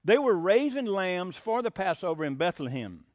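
A man's voice: high voice, sing-song, normal speed, a little mellow, no echo. A man preaching a sermon as pastor, folksy and full of rhetorical questions.

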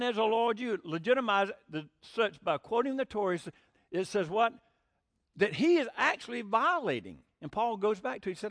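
A man's voice: high-pitched, a bit bright, no echo, studio quality. A man teaching the Bible in a folksy, conversational sermon, asking rhetorical questions and acting out quotes. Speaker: preacher.

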